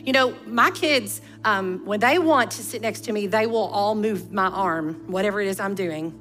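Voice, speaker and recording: A woman's voice: mid-range voice, normal speed, a bit bright, soft background music. A woman, preaching a conversational sermon full of rhetorical questions. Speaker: pastor.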